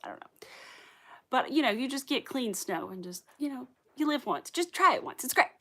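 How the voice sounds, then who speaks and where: A woman's voice: high voice, big pitch swings, moderate pace, bright, forceful tone. A young woman from the Southern US with a light Southern accent, hosting a crochet livestream and chatting casually with viewers, rambling and laughing often. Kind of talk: casual chat with live viewers.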